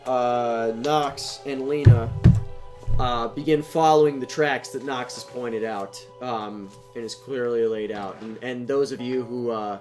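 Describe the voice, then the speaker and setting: Running a tabletop game as its game master, a man narrates in a halting way, full of fillers and false starts. His voice is mid-range with a darkish tone.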